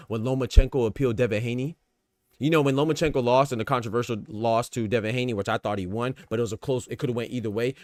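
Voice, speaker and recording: A man's voice: mid-range voice, dry recording, studio quality. An American man hosting a casual boxing livestream, talking in streetwise slang and firing off rhetorical questions with repeated emphasis. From United States. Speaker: boxing podcast host.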